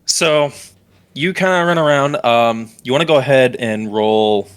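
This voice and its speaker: A man's voice: mid-range voice, a little slow, smooth. A man narrating a tabletop game as dungeon master, in a casual, rambling way full of fillers.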